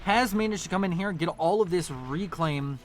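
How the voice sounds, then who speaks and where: A man giving casual live commentary on a real-time strategy match, chatty and quick to correct his own slips. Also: sits high. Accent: non-local accent, unnamed. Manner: chatty, self-correcting, apologetic about slips. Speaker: game caster.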